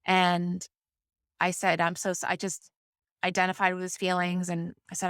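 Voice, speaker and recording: A woman's voice: on the low side, monotone, moderate pace, fairly bright tone, clear, resonant tone, no echo, studio quality. A woman in her forties, a podcast guest, talking candidly about parenting and sobriety, rambling with frequent restarts and fillers. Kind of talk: conversational interview.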